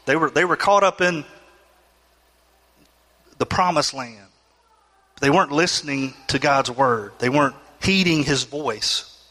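Bright-voiced male preacher in a reverberant hall. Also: on the high side, unhurried, long pauses. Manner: acts out complaining voices, rising emotional pleas. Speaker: pastor. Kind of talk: sermon.

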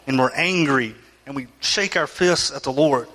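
Bright-voiced male preacher in a reverberant hall. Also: mid-range voice, normal speed. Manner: acts out complaining voices, rising emotional pleas. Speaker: pastor. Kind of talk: sermon.

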